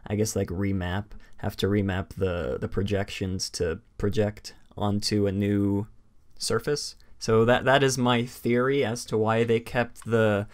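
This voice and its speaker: Young male podcast co-host, lowish voice, rambles with hiccups. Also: steady tone, a little slow. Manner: rambling, many fillers and restarts. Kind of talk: casual chat.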